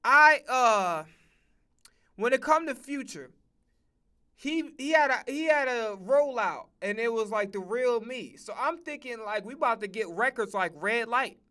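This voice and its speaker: A man streaming reaction commentary, loud, profane and animated. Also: very high voice, unhurried.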